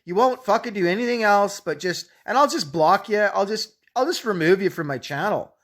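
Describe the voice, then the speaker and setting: A man's voice: high voice, lively intonation, brisk, fairly bright tone. A man in his late forties ranting bluntly at critics, swearing nearly every sentence. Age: 40s. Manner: swears constantly, blunt and combative. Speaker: YouTube channel owner. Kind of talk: profane angry rant.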